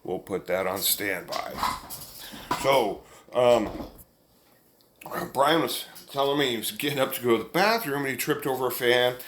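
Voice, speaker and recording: A man's voice: medium pitch, moderate pace, a bit bright, a little hiss or hum. A man telling a family story in a casual, folksy, rambling way, chuckling along as he goes. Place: indoors, room with an amplifier.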